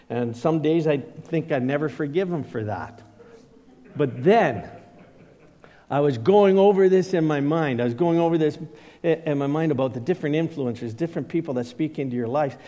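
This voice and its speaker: A middle-aged pastor preaches a sermon in a slightly high, dark-toned voice, and the sound is that of a big room. He tells personal stories and acts out the voices of the people he quotes.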